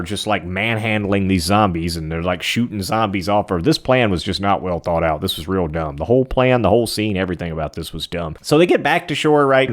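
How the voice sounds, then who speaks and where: A man casually recapping a movie for laughs, rambling with fillers and sarcastic, self-deprecating asides. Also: on the low side. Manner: sarcastic, rambling, mocks the film.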